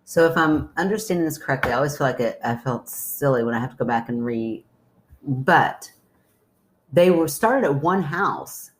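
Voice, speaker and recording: Low voiced skeptic lady on a podcast, lots of ums, jokes around. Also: expressive, normal speed, a little hiss or hum. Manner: hesitant, joking, many fillers. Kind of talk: casual chat.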